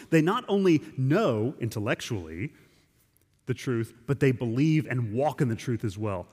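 Man, pastor, mid-pitched, conversational and emphatic sermon delivery, reverberant church hall. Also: lively intonation, normal speed, darkish tone, husky. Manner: conversational, emphatic preaching with frequent restarts. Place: church sanctuary.

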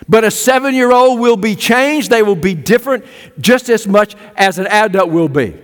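An older male pastor preaching a sermon, swinging from loud emphatic peaks to hushed low storytelling. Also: expressive, normal speed. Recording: long hall reverb.

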